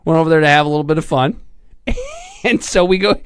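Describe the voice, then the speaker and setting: A man's voice: on the high side, quick pace, clear, resonant tone. A man co-hosting a podcast, telling rambling, profane stories in casual chat and laughing as he goes. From Detroit area. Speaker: podcast co-host.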